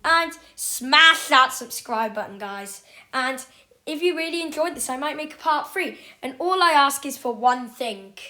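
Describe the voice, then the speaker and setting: A young woman talks straight to her viewers in a loose, rambling chat. She restarts her sentences and leans on fillers. Her voice sits high. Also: animated, measured pace, sharp tone. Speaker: vlogger. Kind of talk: casual chat to camera.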